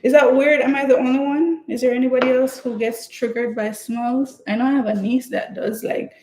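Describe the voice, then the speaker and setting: A woman with a high, mellow voice talks fairly quickly in a steady tone while baking at home for a live stream. As a home cook vlogger, she's a chatty, rambling storyteller who laughs often. Echo fills the kitchen, along with faint noise.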